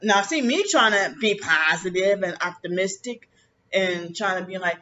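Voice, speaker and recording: A man talking in a casual personal monologue, rambling and halting with many restarts, bitter and resentful about his family. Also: high-pitched, pushed and bright. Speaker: vlogger. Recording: dull lo-fi with faint background noise.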